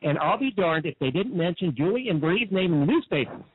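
A show host from the Lexington area of the United States chats enthusiastically and tells stories in a casual radio interview. His high-pitched voice is very animated and fast with a breathy edge. The recording is dry, with no echo and a narrow, phone-like sound.

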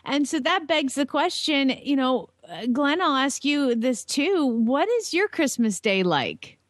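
A friendly woman host asking her co-hosts questions. Her voice is high and very lively, jumping around in pitch, and sounds dry and close. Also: measured pace, dry recording. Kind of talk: casual holiday chat.

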